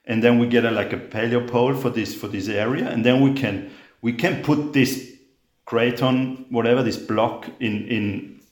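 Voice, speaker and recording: A man explaining rock dating as a guest in a conversation, halting and repeating his words with many fillers. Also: mid-range voice, fairly even intonation, roomy sound. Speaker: geologist guest.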